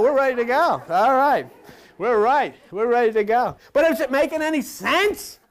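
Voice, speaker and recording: An older preacher gives an expressive, folksy, rambling sermon at a moderate pace to a live room. He jokes with and teases the congregation, his voice rising and falling widely as he moves from loud asides to low murmurs.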